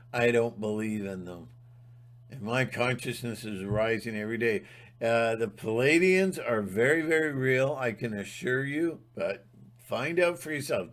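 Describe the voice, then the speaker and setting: A man giving a rambling, emphatic spiritual monologue, sometimes breaking into mocking mimicry. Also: medium pitch. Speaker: spiritual vlogger.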